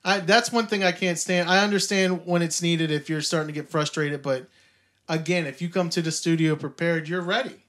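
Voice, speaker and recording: A man co-hosting a casual podcast about making music, animated and stammering, often acting out what he said. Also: a little high, brisk. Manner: stammering restarts, animated, quotes himself. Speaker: podcast co-host, music producer. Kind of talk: casual chat. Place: recording studio.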